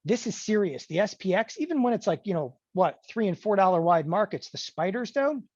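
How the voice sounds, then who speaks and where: A middle-aged man teaching option trading in a live webinar, energetic and emphatic, with mock-panicked asides. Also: high voice, brisk, no room sound, dull audio. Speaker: trading educator. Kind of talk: live webinar screen-share demo.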